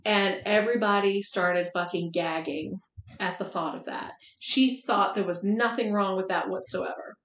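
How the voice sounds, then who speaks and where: A woman's voice: mid-range voice, normal speed, a bit bright. Frank, laughing woman storyteller. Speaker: podcast host. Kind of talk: casual chat. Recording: roomy echoey room.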